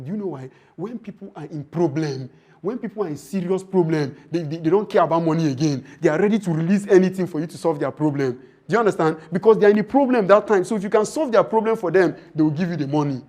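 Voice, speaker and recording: A man's voice: sits high, darkish tone. A man giving a motivational training lecture, full of rhetorical questions and acted-out dialogues. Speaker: leadership and finance trainer.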